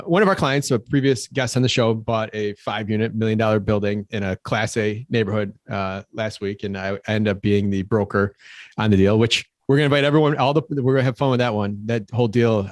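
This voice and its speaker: A middle-aged man chats casually as a podcast co-host. He talks at a quick clip and sounds upbeat. He often restarts words mid-thought, and his voice is recorded dry and close. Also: lowish voice, no room sound. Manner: quick, upbeat, repeats words while thinking.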